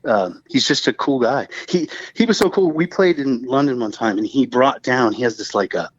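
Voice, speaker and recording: A male guest telling stories in loose, animated chat, circling back with plenty of fillers. His voice sits at an ordinary pitch. The sound is a bit dull and dry. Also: normal speed, no room sound. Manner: rambling, animated storyteller with many fillers. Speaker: guest musician. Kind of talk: casual chat.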